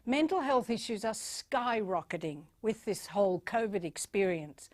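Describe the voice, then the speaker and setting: A woman speaking as a keynote speaker, giving a playful, animated motivational talk and acting out little voices. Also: fairly high pitch, dry recording.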